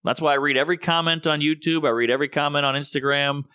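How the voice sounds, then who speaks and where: A man, a comedian, talking in a casual podcast conversation and telling animated stories, acting out the voices of people he quotes. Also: fairly high pitch, fast, smooth, dry recording, studio quality. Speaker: comedian guest.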